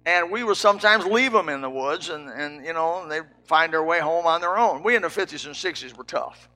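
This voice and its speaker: Bright high-voiced older preacher telling a story. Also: male voice, brisk. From Indiana, United States. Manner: folksy, repetitive storytelling with animated quoted dialogue. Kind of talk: storytelling sermon.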